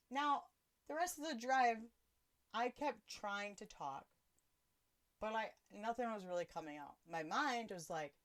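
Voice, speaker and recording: A woman hosting a podcast, telling a personal story in a casual, animated way and laughing often. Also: fairly high pitch, normal speed. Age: adult with children. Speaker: podcast host.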